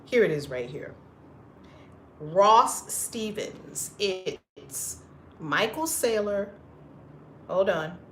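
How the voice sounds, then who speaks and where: A woman's voice: medium pitch, expressive, extremely slow, pauses often, a little hiss or hum. A woman hosting a live stream, chatting casually and effusively with viewers, greeting them by name and laughing often. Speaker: livestream host.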